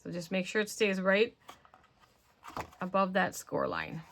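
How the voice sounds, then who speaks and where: Speaking at a measured pace with vocal fry, this woman's lowish voice sounds somewhat tired and fading as she gives casual step-by-step craft instructions. She works with her hands and mutters to herself between steps, over slight background noise.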